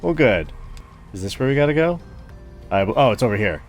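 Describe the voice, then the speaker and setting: A man's voice: medium pitch, sing-song, moderate pace, soft background music. A man playing through a story game, reading all the characters' lines aloud and joking about them. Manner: reads every character aloud, switching voices; jokey, laughs at the game. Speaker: gaming YouTuber. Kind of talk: let's play, voicing game dialogue.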